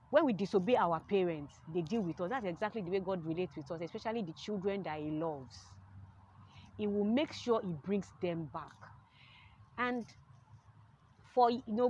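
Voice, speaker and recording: A woman's voice: on the low side, slight background noise. A woman giving an earnest personal testimony, turning emphatic as she offers advice to single people. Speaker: testimony speaker.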